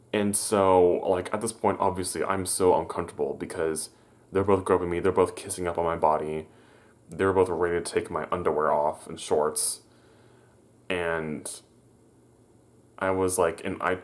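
This man's voice sits very low, and he recounts a personal story straight to his viewers. He talks haltingly, restarting sentences and correcting himself as he remembers. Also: fairly even intonation. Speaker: vlogger.

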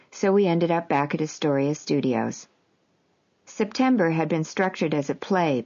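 A woman with a very low voice narrates her memoir in a measured, even way. The audio is dull and lo-fi, with little top end.

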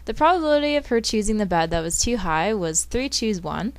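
A woman's voice: mid-range voice, animated, brisk, no echo. Woman reading a storybook aloud, dry sound. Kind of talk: storybook reading with math explanations.

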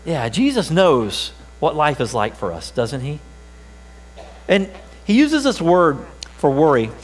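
A man's voice: on the high side, sing-song, measured pace, slight background noise, low-quality recording. A pastor preaching a sermon in a church, emphatic and repeating his key phrases.

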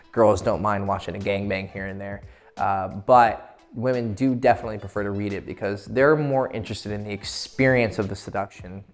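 A man giving dating advice straight to the viewer in a relaxed, profane way, often breaking into laughter mid-sentence. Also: on the low side. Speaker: dating coach. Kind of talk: casual instructional talk to camera.

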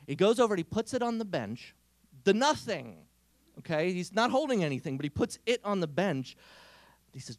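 This is a man giving a comic storytelling talk to a youth audience. He is animated and slips into different voices for the people in his story. His voice is high and lively, and the recording is dry and close. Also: normal speed, no room sound. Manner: animated, acts out characters' voices. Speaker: speaker at a Catholic youth event.

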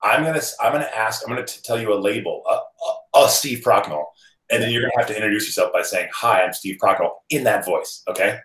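A man co-hosts a relaxed group conversation. He fires off playful questions in a lowish voice. The room around him is echoey. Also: fast. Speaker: podcast co-host. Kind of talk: casual group chat over video call.

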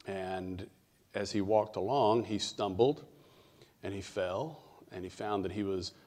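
A middle-aged male pastor preaching a sermon, telling stories in a conversational way with fillers and pauses. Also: fairly low pitch, mellow.

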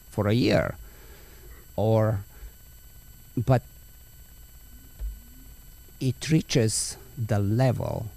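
A man's voice: lowish voice, vocal fry, mellow. A man hosting a podcast interview, earnest and explaining his points with everyday analogies. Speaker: podcast host, dog trainer. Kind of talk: conversational interview.

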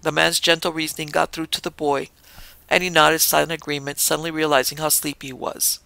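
A male podcast host reads a ghost story in measured, dramatic narration. His voice is gravelly, with a fry at the ends of phrases. The sound is dry and close. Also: a little high, flat delivery, sharp tone, dry recording. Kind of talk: scripted narration.

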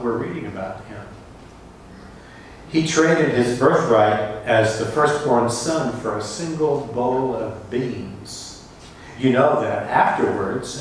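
A male pastor delivers a sermon in a middle-pitched voice, his reading of scripture swelling into dramatic rises. He is picked up from a distance, so his words bounce around a very echoey church sanctuary. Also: slight background noise. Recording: echoey church hall from far off.

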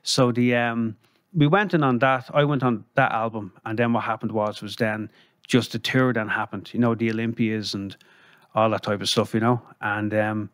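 A man's voice: lowish voice, fairly even intonation, normal speed, a bit bright, dry recording, studio quality. An Irish man, a guest on a casual interview, telling rambling anecdotes and acting out the people he quotes.

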